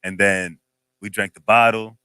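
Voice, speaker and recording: Bright-voiced man telling a story. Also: fairly low pitch, a little slow, smooth, no room sound. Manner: animated, laughing, slangy storyteller. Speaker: podcast co-host. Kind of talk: casual chat, storytelling.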